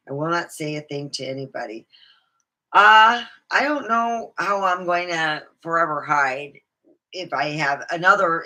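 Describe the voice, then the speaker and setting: Alone in her room, a woman vlogger delivers a rambling monologue, swearing, jumping between topics, and laughing at her own jokes. Her voice is low, pushed and bright.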